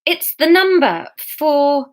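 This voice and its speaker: A woman's voice: high voice, big pitch swings, slow pace, pitched above the performer's own voice, exaggerated voice. A woman voicing a clumsy, flustered young woman who works in a shop, sounding breathless and apologetic.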